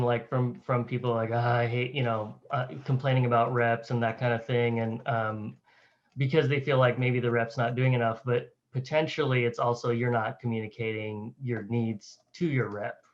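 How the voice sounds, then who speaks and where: A man's voice: mid-range voice, steady tone, moderate pace. A man moderating a live online Q&A in a casual way, reading out audience questions. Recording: slightly dull audio.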